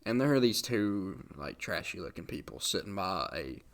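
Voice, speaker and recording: Low-voiced young man telling stories. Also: normal speed, vocal fry. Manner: rambling, animated storyteller who acts out quotes. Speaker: podcast host. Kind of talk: casual storytelling.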